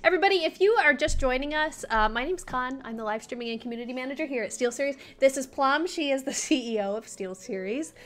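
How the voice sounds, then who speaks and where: Talking quickly with hardly any pauses, a young woman with a high, slightly bright, animated voice hosts a casual livestream in her role as community manager. She's chatty with viewers and baby-talks to her dog over faint background music.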